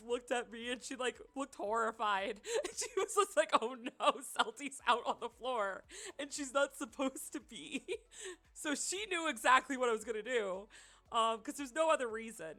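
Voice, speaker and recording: A woman's voice: fairly high pitch, bright, forceful tone. A young woman streamer telling a story in casual chat, giggling often and using lots of filler words.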